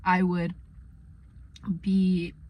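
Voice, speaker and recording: A woman's voice: on the low side, completely flat delivery, drawn-out words, darkish tone. A young woman talking earnestly in a casual vlog from inside her car, with lots of fillers. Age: young adult. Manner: chatty, earnest, many fillers. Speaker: vlogger.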